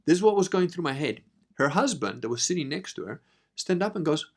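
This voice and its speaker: A man's voice: on the high side, fairly quick, vocal fry. Profane storytelling man from Italy. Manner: profane, animated, swings from quiet to loud as he tells the tale. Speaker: podcast host. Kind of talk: casual storytelling monologue.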